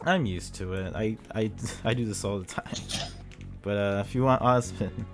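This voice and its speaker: A man's voice: on the low side, moderate pace, faint music behind. A man casually chatting and reading a visual novel aloud, laughing and teasing often. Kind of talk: casual chat.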